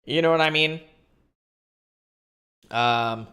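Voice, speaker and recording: A man's voice: medium pitch, expressive, normal speed. Young male streamer, casual rambling chat, easy laughter. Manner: rambling, filler-heavy, laughs often. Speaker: streamer host.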